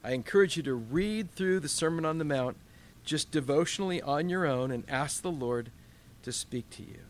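A man's voice: fairly high pitch, moderate pace. A man leading a Bible study in a conversational teaching style. He asks the group questions and acts out his own inner dialogue.

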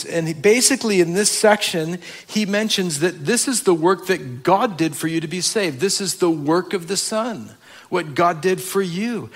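Storytelling preacher with a slightly high voice. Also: male voice. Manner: storytelling preacher acting out dialogue, dropping to soft emphatic lines. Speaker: pastor. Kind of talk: sermon.

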